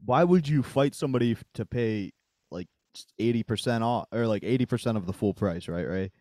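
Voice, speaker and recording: A man's voice: mid-range voice, brisk, mellow, no echo. A man co-hosting a comedy chat, sarcastic and dry, laughing often as he tells a retail story. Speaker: podcast co-host.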